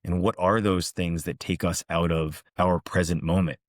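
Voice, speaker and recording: A man hosting a reflective monologue, calmly and earnestly recounting parables. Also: low-pitched, moderate pace, no echo. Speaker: host, executive coach.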